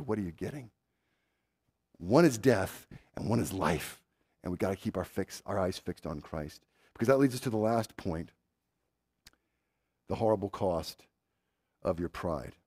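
A man preaching a sermon, swinging from loud urgent pleading to low, quiet intensity. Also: animated, moderate pace, pauses often, husky. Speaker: pastor.

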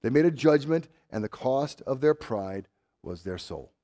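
A man preaching a sermon, swinging from loud urgent pleading to low, quiet intensity. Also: lively intonation, unhurried. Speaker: pastor.

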